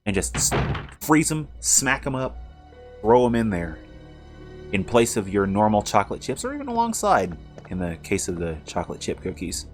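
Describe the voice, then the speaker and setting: A man's voice: fairly low pitch, very animated, normal speed, soft background music. A man streaming a video game, chatting casually with rambling, jokey asides as he plays. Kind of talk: casual live-stream commentary.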